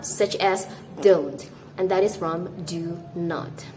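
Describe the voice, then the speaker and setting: Here is a young woman from Indonesia who teaches English to camera, with Indonesian as her first language. Her voice sits a little low, and she talks very slowly, saying each example word clearly. A faint hiss runs behind her. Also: fairly even intonation, mellow, poor audio. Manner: slow, careful, demonstrates pronunciations. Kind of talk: scripted English lesson to camera.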